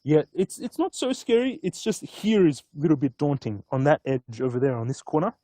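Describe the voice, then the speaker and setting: Man, relaxed rambling live-stream host, slightly high voice, warm and mellow tone, dry sound. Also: a little fast, no echo. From Australia. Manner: easygoing, rambling, often excited. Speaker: stock market vlogger. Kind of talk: casual live-stream chat. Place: outdoors on a hilltop at home.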